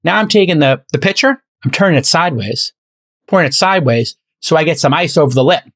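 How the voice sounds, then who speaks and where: A man's voice: a little high, lively intonation, fast talker, a bit bright. A middle-aged man hosting a podcast, telling stories in casual chat and acting out both sides of conversations. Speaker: podcast host.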